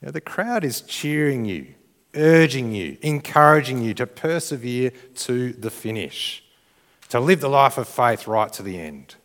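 A man's voice: mid-range voice, expressive, a little slow. Male preacher, casual and earnest, repeats words as he builds, reverberant church hall sound. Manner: conversational, restarts phrases, rises to shouted crowd cheers. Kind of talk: sermon.

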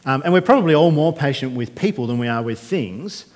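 Animated and a little fast, a man with a mid-range, slightly mellow voice delivers a sermon as a pastor in a conversational style. He frequently asks his congregation rhetorical questions, with long church-hall reverb around him.

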